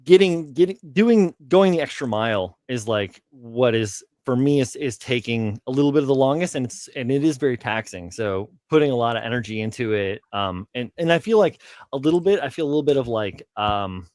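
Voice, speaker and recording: A man's voice: medium pitch, lively intonation, a little fast, few pauses, darkish tone, no room sound, clean studio sound. A man as a guest on a casual livestream, talking candidly and hesitantly with lots of fillers. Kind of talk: casual chat.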